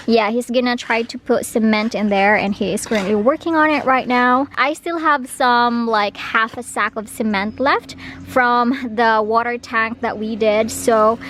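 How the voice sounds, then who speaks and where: A young woman with a Filipino accent talks straight to her viewers in a bright, high voice. She is chatty and quick to giggle. She records outdoors on a handheld camera, with a faint hiss of noise behind her. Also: steady tone. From Philippines. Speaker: vlogger. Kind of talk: casual vlog narration. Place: outdoors at a rural house.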